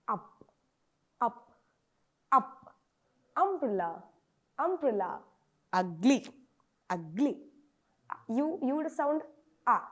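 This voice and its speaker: High, animated Malayali woman teaching phonics. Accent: Malayali English. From Kerala, India. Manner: drills letter sounds by repeating them.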